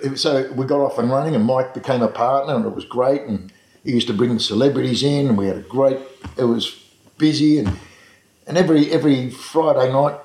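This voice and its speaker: A man's voice: medium pitch, fairly quick, darkish tone. An Australian man telling long anecdotes about running his restaurant, rambling with frequent restarts and fillers in a casual interview. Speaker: restaurant owner recalling his past. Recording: echoey room.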